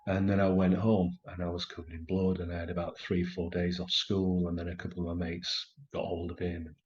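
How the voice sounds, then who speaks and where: A middle-aged man telling a personal story in a conversation, halting and emotional, with many restarts. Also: deep voice, monotone, a little mellow, highs cut off, a little hiss or hum. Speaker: actor telling his story as a guest.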